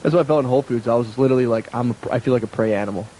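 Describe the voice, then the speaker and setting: A man in casual podcast chat, laughing often and telling animated stories with plenty of swearing. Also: medium pitch, very fast, background noise.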